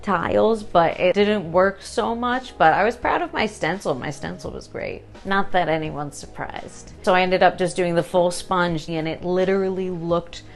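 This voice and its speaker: A woman's voice: lowish voice, moderate pace, vocal fry, few pauses, soft background music. Chatty woman telling renovation stories. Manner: chatty and animated, laughing while telling stories. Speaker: home renovation vlogger. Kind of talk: casual chat.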